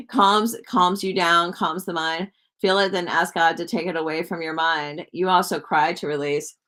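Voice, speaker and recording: A woman's voice: lowish voice, fairly even intonation, moderate pace, hardly any pauses, sharp tone. A woman hosting a psychic live stream, rambling casually with lots of "like" and asking her viewers questions.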